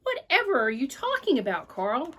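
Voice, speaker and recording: A woman's voice: high-pitched, huge pitch swings, normal speed, pushed and bright, pitched above the performer's own voice, full character voice. A woman doing a prim stern librarian.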